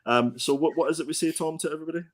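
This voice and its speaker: A man's voice: on the high side, very fast. A man co-hosting a casual comics podcast over a video call, hesitant and often repeating words. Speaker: podcast co-host. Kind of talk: casual chat.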